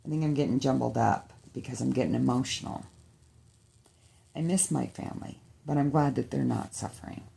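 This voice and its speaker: A woman's voice: rumbling low, brisk, gravelly, warm tone. A woman talking straight to her viewers in a personal vlog, heartfelt and pleading, with a rising emotion near tears. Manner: heartfelt, pleading, repetitive exhortations. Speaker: vlogger.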